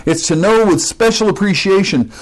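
A man's voice: high voice, normal speed, poor audio. A man preaching an expository sermon, stressing key words and putting questions to his listeners.

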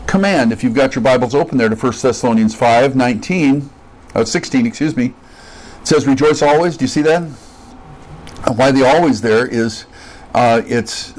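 A pastor preaching a sermon, teaching in a conversational way with asides and rhetorical questions to his congregation. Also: medium pitch.

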